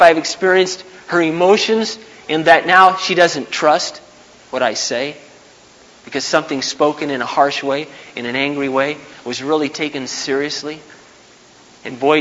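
A man's voice: a little high, fairly bright tone, lo-fi sound, a little hiss or hum. A man in his thirties preaching a sermon as a pastor, earnest and emphatic, repeating his key points. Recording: long hall reverb.

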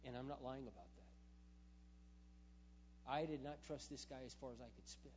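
A man, a pastor, preaching through a personal story, animated, with loud emphatic bursts and quiet asides. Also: mid-range voice, moderate pace. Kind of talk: sermon storytelling. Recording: dull sound in a reverberant hall, faint hum.

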